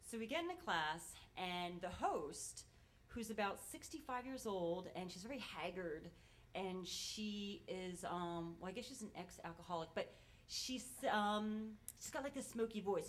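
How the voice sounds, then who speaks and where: A woman telling a first-person story live on stage in a casual, animated and profane way. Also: medium pitch, unhurried, slight background noise.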